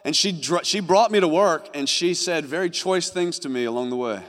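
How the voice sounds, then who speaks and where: A man's voice: on the high side, normal speed. A young man preaching a sermon, giving an earnest personal testimony that rises and falls in intensity. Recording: long hall reverb.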